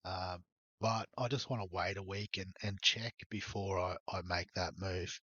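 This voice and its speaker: Aussie guy talking thru his team, lots of ums, kinda low voice, dull mic. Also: fairly even intonation, normal speed, bright, forceful tone, dry recording. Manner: rambling, hesitant with many ums. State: has the hiccups. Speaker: fantasy sports youtuber. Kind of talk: casual fantasy team walkthrough.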